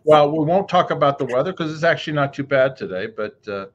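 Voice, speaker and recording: A man's voice: a little high, expressive, fast, dull audio. A man hosting a casual interview show who laughs easily. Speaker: podcast host.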